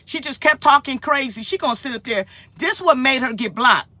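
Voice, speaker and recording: High-voiced and fairly quick, a vlogger talks to her viewers from her home kitchen with no room sound. She's animated and casual, telling a rambling story full of repeated lines.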